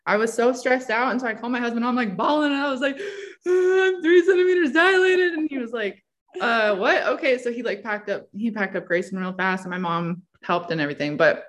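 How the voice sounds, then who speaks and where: A young woman and mom casually telling a story, acting out quotes with lots of "like". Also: medium pitch. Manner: animated storyteller, acts out quotes, many "like"s. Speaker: mom sharing her birth story. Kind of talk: casual chat.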